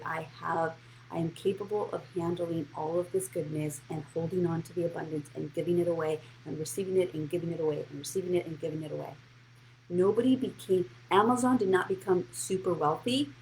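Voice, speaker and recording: A woman money coach talking straight to her live audience with a low, gravelly voice. She is blunt and encouraging and reacts to viewer comments as they come in. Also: darkish tone, slight background noise, low-quality recording. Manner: direct, blunt and encouraging, addresses viewers by name; reads and answers live comments. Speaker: financial coach and show host. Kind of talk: live-streamed motivational money talk.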